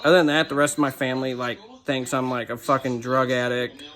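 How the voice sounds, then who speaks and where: A man's voice: medium pitch, little pitch movement, a little fast, fairly bright tone. A young man in a blunt, profane personal rant, full of "like" and "dude". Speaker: vlogger.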